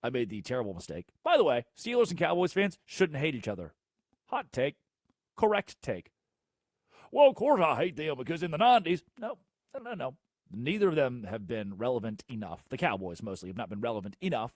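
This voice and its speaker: A man hosting a solo sports talk show, ranting sarcastically and swinging between loud outbursts and low mutters. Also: sing-song, brisk, no echo, studio quality. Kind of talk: solo sports radio rant.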